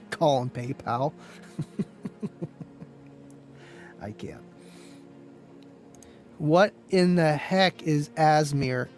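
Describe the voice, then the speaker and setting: Chatting casually with his viewers, a man with a high voice hosts a live stream in a laid-back, chatty way, often laughing and calling people "man" and "dude."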